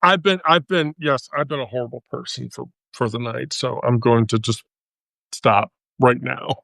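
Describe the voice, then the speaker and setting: A woman hosting a live stream, telling a story in casual chat, animated and profane, laughing often. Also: extremely low pitch, normal speed, creaky, no echo.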